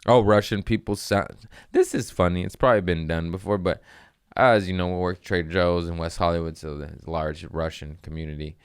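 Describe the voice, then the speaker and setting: A man hosts a casual comedy podcast, reading listener messages aloud and swearing freely. His voice sits on the low side, and he keeps jumping into goofy voices for the people he quotes. The sound is dry and close-miked. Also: fairly even intonation, a little fast, clear, resonant tone, dry recording.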